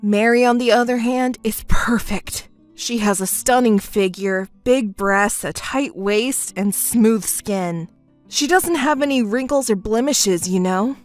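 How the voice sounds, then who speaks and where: A woman's voice: fairly high pitch, measured pace, soft background music, lightly acted. A woman voicing a smug cheating husband. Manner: smug, dismissive. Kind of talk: text-story voice-over.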